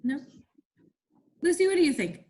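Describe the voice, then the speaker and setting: High, lively woman teaching online. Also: normal speed. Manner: encouraging, questioning the class. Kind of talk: online class lesson. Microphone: video call.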